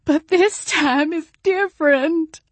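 A woman's voice: fairly high pitch, lively intonation, extremely slow, no echo, voice pushed up. A woman voicing a weepy werewolf woman with a backwoods accent, wailing plaintively and stretching her vowels. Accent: rural Southern US backwoods.

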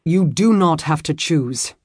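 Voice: mid-range voice, animated, measured pace, dry recording, studio quality. A narrator voicing Robert, a worried, protective young knight who speaks earnestly, tender but firm.

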